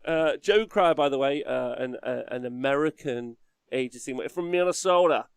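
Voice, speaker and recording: Male podcast host, gravelly and dry, relaxed banter. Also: mid-range voice, normal speed, no room sound. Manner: chatty, laughs often, reads chat aloud. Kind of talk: casual livestream chat.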